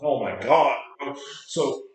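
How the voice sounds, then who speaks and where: A man hosts a podcast, spinning a rambling, cuss-filled anecdote and slipping into voices for the people in it. His pitch sits in the middle for a man. The sound is very echoey and roomy. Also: expressive, takes it slowly. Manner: profane, rambling anecdote with acted quotes. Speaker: podcast host. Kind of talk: casual storytelling. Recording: very echoey room.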